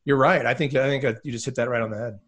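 A man's voice: mid-range voice, steady tone, racing, fairly bright tone, breathy edge. A man who is a guest on a podcast, talking casually and emphatically, often posing rhetorical questions. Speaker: podcast guest, speaker and author. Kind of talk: casual interview chat.

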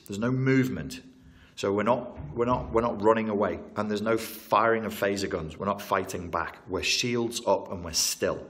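A low-voiced man talking through trauma as a therapist in an interview. He stacks emphatic repeated phrases and breaks off to reword himself mid-sentence. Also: moderate pace. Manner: animated, repetitive, emphatic, self-correcting. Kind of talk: interview explanation.

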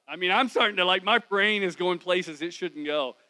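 Bright-voiced pastor telling a story. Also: male voice, high voice, moderate pace, low-quality recording. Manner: conversational, wide swings from loud to hushed. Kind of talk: storytelling sermon. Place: church.

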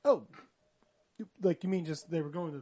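A young man with a slightly high voice tells a dating story in a relaxed podcast chat. He is animated and laughs his way through the awkward parts. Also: fast. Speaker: podcast co-host. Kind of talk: casual storytelling.

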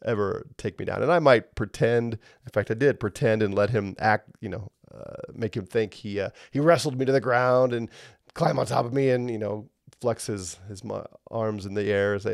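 A man teaching a Bible lesson with a low, gravelly voice. He talks conversationally and keeps checking in with "right?", and the dry, close sound carries no room echo. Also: moderate pace.

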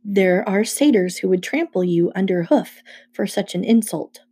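A woman's voice: mid-range voice, animated, normal speed, mellow, slightly rough. Woman reading as a jittery teen satyr boy. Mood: uneasy. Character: jittery teenage satyr boy, half goat.

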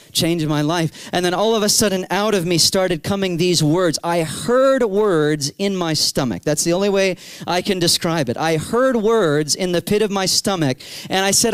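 Animated high-voiced male preacher. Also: moderate pace, hardly any pauses, smooth, dry recording. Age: 30s. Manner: animated storytelling, acting out his own past shouts. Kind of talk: sermon.

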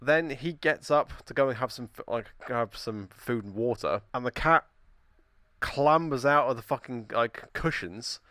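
A man in casual podcast chat, telling a funny anecdote in an animated, sweary way. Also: medium pitch, a little slow, no echo, studio quality.

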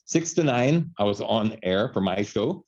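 A Filipino radio host tells a story in casual chat, mixing in Filipino words while he laughs and stays animated. His voice is fairly low, a little slow and breathy at the edges, and the recording is muffled.

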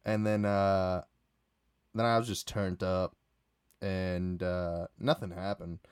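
A man's voice: deep voice, little pitch movement, takes it slowly, smooth, no echo, studio quality. A young man telling a casual, rambling story about a night out, full of restarts and fillers.

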